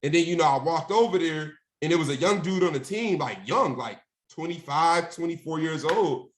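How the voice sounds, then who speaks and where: A man speaking as a guest at a mentorship session, telling his own story in a casual, animated, slangy way. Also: on the high side, moderate pace.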